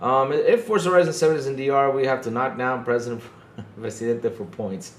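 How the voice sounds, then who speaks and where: A man's voice: mid-range voice, brisk, a little hiss or hum. A man hosting a casual gaming podcast, laid-back and chuckling, often repeating himself and tagging his lines with "though". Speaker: podcast host. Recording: echoey room.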